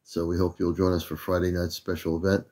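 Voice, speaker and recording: An older man from the United States hosts a laid-back livestream, welcoming viewers by name in an easy, unhurried way. His voice is very low and dark, and mellow in tone. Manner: relaxed, greets viewers by name. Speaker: livestream host. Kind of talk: casual livestream greetings.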